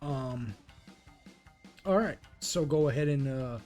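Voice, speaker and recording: A man's voice: medium pitch, slow, darkish tone, faint music behind. A man running a tabletop game as game master, talking in a laid-back way with lots of fillers.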